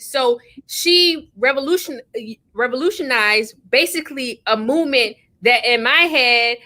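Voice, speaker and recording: Excitable high-voiced woman hosting a livestream. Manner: excitable, effusive, laughs often. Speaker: host. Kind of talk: livestream chat reading comments.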